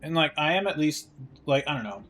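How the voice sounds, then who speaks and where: A man chatting casually on a live stream while he plays. He rants in an exasperated, profane way, and his voice sits a little higher than most men's. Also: animated, brisk, a bit bright. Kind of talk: casual livestream chat while gaming.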